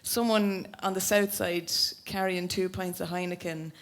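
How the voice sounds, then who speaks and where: A woman's voice: fairly low pitch, steady tone, unhurried. A twenty-nine-year-old woman with a County Louth Irish accent, a comedian chatting and laughing through stories as a guest on a live podcast. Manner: chatty, laughing, self-mocking storyteller. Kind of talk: casual chat on a live podcast. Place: live show venue.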